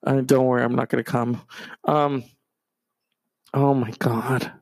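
A man's voice: mid-range voice, little pitch movement, unhurried, creaky, darkish tone, no room sound. A man hosting a podcast, chatting casually in a rambling, profane way and swearing freely. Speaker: podcast host. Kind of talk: casual chat.

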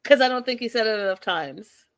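A woman hosting a casual live-stream recap of a reality show, talking to viewers in a sassy, animated, exasperated way. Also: a little high, fairly quick, no echo.

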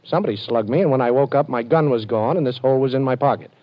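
A man plays a cool, wisecracking detective hero. He delivers wry quips at a mid-range pitch. The sound is muffled and lo-fi, like an old radio show. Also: close to an everyday voice. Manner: wry, cool, quick with jokes. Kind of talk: 1940s radio acting. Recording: dull old radio recording.

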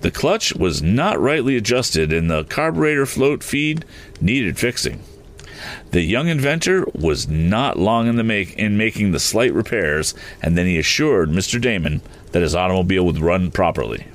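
A man narrating a storybook chapter in an expressive reading style. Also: low-pitched, normal speed. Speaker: audiobook reader.

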